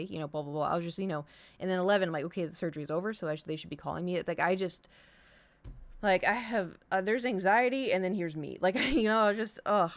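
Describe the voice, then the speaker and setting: A woman's voice: mid-range voice, fast. Chatty woman streamer telling a story. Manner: rambling storytelling with many fillers. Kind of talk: casual chat.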